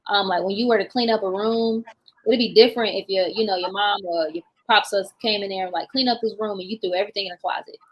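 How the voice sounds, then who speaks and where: A woman guest in casual conversation, relaxed and chatty, laughing as she talks and explaining with everyday analogies. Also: mid-range voice, fast, poor audio.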